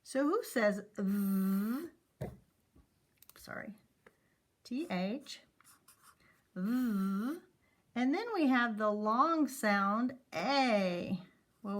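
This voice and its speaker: A woman teacher leading a phonics lesson for young students, sounding out letter sounds slowly and clearly and encouraging the children. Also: medium pitch.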